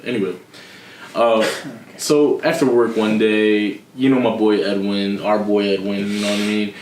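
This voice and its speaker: A man's voice: on the low side, flat delivery, normal speed, a little mellow, slight background noise. A young man telling a story in casual chat, slangy and laughing often, acting out what others said. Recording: echoey room.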